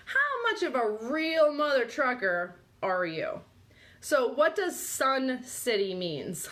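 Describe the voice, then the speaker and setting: A woman hosting a live quiz show in a chatty, teasing way, often collapsing into laughter. Her voice sits high and sounds bright and crisp. She talks at an unhurried pace. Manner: giggly, breaks into helpless laughing fits; chatty, quizzing listeners. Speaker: podcast host.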